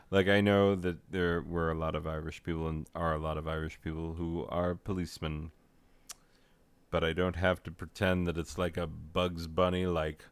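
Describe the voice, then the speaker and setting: Brief: low-voiced male game reviewer, smooth tone, rambling and self-deprecating. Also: level tone, normal speed, dry recording. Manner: tangential, self-deprecating, loses the thread. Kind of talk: casual rambling commentary.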